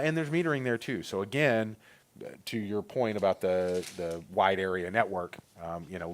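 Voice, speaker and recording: A man presenting a technical training session, walking through settings in a relaxed way with many fillers. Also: low voice. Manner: relaxed, filler-heavy explaining. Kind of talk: casual technical walkthrough.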